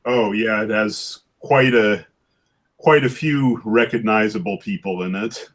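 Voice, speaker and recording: A man chatting casually, with many restarts and halting phrases, sounding keen about cartoon news. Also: on the low side, fairly bright tone, rough recording. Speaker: cartoonist in a drawing group. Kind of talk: casual chat.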